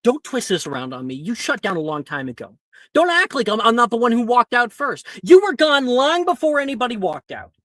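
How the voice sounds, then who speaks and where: A bitter, wounded spouse throwing raw accusations in a loud fight as a man plays the part. The voice is strained and bright, recorded close and dry. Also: very high-pitched, very animated, brisk, dry recording, pitched above the performer's own voice, heavily acted. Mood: furious.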